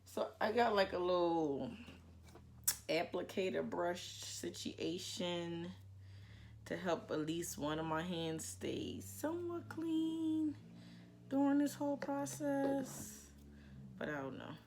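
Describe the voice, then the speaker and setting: Gravelly-voiced young woman chatting slowly. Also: lowish voice, expressive, a little hiss or hum. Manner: chatty and self-mocking, jittery with nerves. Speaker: hair care vlogger. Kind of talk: casual tutorial chat. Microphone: plugged-in microphone.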